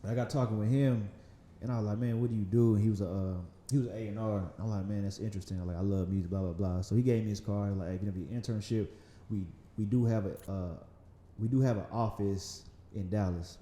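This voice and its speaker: A man in his thirties with a light Southern accent, a podcast guest talking in a relaxed, rambling way, often laughing and saying "man". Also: lowish voice, fast, reverberant. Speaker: magazine founder, podcast guest. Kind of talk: casual interview conversation. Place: podcast studio.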